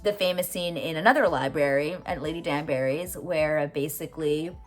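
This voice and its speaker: Low-voiced excitable young woman. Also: normal speed, soft background music. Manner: excitable, gushing, swears freely, many "like"s. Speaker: TV reaction vlogger. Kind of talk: casual episode recap.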